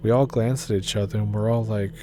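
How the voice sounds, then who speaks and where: A man reading a first-person story aloud as scripted narration, in a steady, low-key storytelling manner. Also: a little fast.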